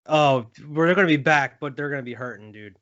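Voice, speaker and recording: A man's voice: mid-range voice, brisk, fairly bright tone, dull audio. A young man co-hosting a sports podcast, talking loosely with lots of fillers and laughs. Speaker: podcast co-host. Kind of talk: casual sports chat.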